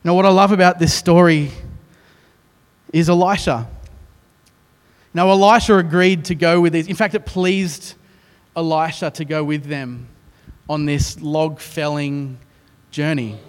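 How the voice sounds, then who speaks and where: Australian male pastor, sermon, lively storyteller with self-deprecating humour; somewhat higher voice, long reverberant hall. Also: unhurried. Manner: animated storytelling with self-mocking asides.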